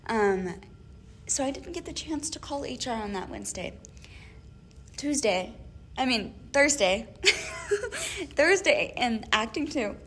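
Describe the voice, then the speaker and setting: A young woman co-hosting a casual chat podcast, telling an animated story with lots of laughs and acted-out emails. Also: on the high side, a little slow, long pauses, slight background noise. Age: young adult. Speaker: podcast co-host.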